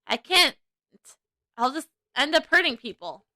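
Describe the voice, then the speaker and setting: A woman's voice: sits high, very animated, a little slow, pushed and bright, dry recording, exaggerated voice. A woman voicing a stammering timid male thief. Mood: anxious. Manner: stammering, constantly backtracking. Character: timid, cowardly male thief, weepy grown man. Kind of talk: fan reading of a video game.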